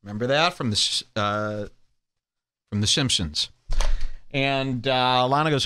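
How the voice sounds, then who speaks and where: Playing clips on his podcast, a man mocks them crudely in lively, joking commentary. His medium-pitched voice is clear and resonant, and he speaks unhurriedly with frequent pauses.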